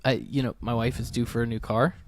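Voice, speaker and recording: A man's voice: medium pitch, fairly even intonation, fast talker. A man co-hosting a motorsport podcast in casual chat, tossing in short interjections and dry sarcastic asides. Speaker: podcast co-host.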